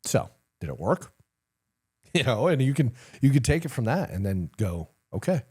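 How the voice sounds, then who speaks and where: A man's voice: mid-range voice, very animated, normal speed, a little mellow, husky. A middle-aged man, a retired senior soldier, telling stories candidly as a podcast guest, acting out dialogue, swearing casually and laughing at himself. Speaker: retired command sergeant major, guest. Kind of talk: candid conversational storytelling.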